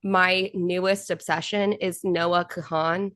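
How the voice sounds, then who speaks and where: A woman with a Texan accent chatting as a podcast guest, animated and gossipy, quick to laugh. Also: fairly low pitch, dry recording, studio quality. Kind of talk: casual chat.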